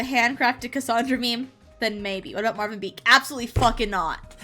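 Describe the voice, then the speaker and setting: A young woman streaming a game, chatting casually, laughing, swearing and shrieking loudly. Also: on the high side, fairly quick, faint music behind. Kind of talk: casual game livestream chat.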